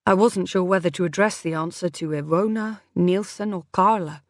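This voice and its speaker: A woman's voice: fairly low pitch, normal speed, hardly any pauses, no room sound. Woman narrating an audiobook, dry sound. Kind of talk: first-person audiobook narration.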